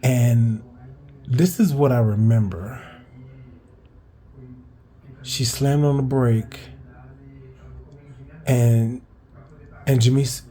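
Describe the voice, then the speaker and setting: A man recounts a memory in a loose, rambling vlog style. His voice is deeply mellow and dark in tone, at a middling pitch. He trips over his words and jumps his pitch up when acting out what others said. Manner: rambling, with restarts and cursing; acts out quoted voices higher in pitch. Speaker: vlogger telling a childhood story. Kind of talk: casual storytelling.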